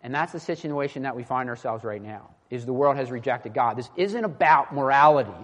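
A man's voice: mid-range voice, lively intonation, fairly quick, fairly bright tone. A young man preaching a sermon in an earnest, impassioned way, often restarting his sentences. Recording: long hall reverb.

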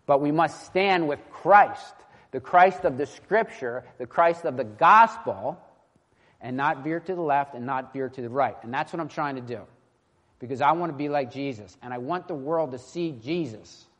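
A man's voice: medium pitch, normal speed, fairly bright tone. A young man preaching a sermon in an earnest, impassioned way, often restarting his sentences. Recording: long hall reverb.

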